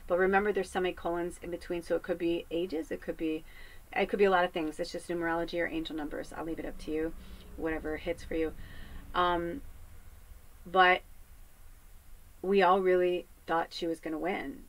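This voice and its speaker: A woman's voice: on the low side, level tone, moderate pace, poor audio. Woman from the West Coast, psychic medium, chatty rambling delivery with casual swearing. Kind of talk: casual spiritual monologue. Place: home podcast set.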